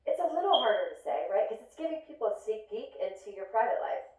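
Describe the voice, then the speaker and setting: A woman giving a motivational talk to a live audience as a business coach, animated and acting out dialogue, often asking "right?". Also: on the high side, quick pace. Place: large hall with an audience. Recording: echoey hall, voice from far off.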